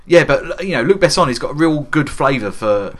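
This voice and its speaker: A man's voice: fairly high pitch, animated, fairly quick. A man chatting casually, rambling with many fillers and jokes. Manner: rambling, filler-heavy, joking. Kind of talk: casual chat.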